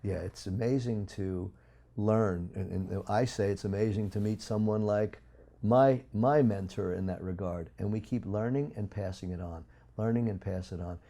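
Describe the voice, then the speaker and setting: A man speaking as an interview guest, talking in an emphatic, preachy way with big swings in loudness. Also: on the low side, moderate pace, gravelly. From United States. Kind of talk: interview talk.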